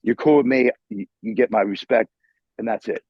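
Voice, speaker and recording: A middle-aged New York man, here as a guitarist guest, delivers a profane, animated interview story at normal speed, with plenty of restarts. His pitch is ordinary and his tone husky. The recording is a muffled video call that sounds dull and dry.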